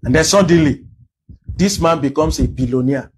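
A man's voice: fairly high pitch, normal speed, background noise. A Nigerian man preaching a sermon as a pastor, emphatic and full of rhetorical questions.

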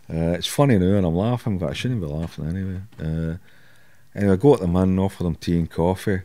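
A man's voice: deep voice, quick pace, dark tone. A middle-aged Scottish man, a podcast guest, telling blunt stories in a candid interview, swearing and laughing at himself.

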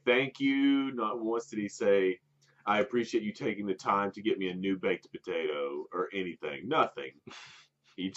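Guy rambling thru a story, laughing a lot, medium voice, kinda dull lo-fi audio. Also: mid-range voice. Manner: laughs through his story, rambling with restarts. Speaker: podcast co-host telling a story. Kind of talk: casual storytelling chat. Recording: dull lo-fi sound.

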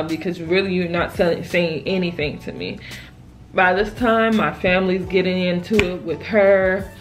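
A woman's voice: lowish voice, moderate pace, faint music behind. Exasperated young woman recounting a story. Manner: emphatic, exasperated retelling with "child" as an aside. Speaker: vlogger telling her birth story. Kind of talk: casual storytelling to camera.

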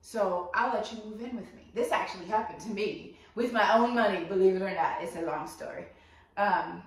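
A woman's voice: medium pitch, moderate pace. A woman hosting a casual advice talk, blunt, outspoken and profane. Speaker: host giving life advice. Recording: very echoey room, voice far from mic.

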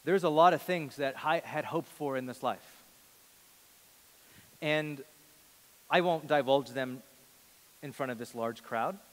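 A man's voice: medium pitch, slow pace, long pauses. Earnest pastor in his thirties, reverberant hall. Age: 30s. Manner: earnest, swings from loud emphasis to hushed. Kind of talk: sermon. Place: large church hall.

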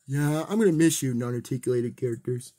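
A man's voice: mid-range voice, fairly quick, dark tone, no room sound, studio quality, lightly acted. A man voicing a big friendly cartoon cat toy in a fan toy play, eager and exclaiming.

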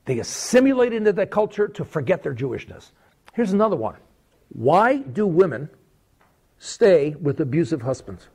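Male pastor preaching, high voice that jumps all over, keeps asking questions. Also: husky. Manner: animated preaching, rhetorical questions, swings between loud and soft. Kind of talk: sermon.

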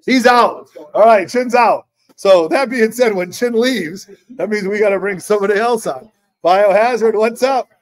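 Excitable high-voiced male host who keeps repeating himself. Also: moderate pace. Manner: loud, repeats himself, exclaims often. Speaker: show host. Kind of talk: excited live show chat. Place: comic convention floor.

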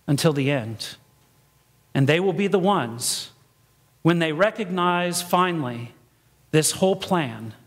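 Animated high-voiced man preaching. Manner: storytelling, animated, acts out quoted voices. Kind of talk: sermon. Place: church sanctuary. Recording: long reverb of a church.

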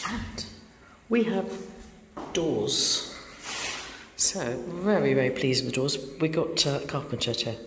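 A woman vlogging her bungalow renovation in a casual, wry, self-deprecating way, sounding a little tired. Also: extremely low pitch. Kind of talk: casual home renovation vlog. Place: empty bungalow under renovation, indoors. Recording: echoey bare rooms with hall reverb and background noise.

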